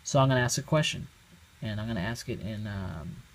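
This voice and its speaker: This man, speaking a little fast in a lowish voice, demonstrates a product in a casual how-to. The home recording is very noisy; he lays out each step plainly and thinks out loud.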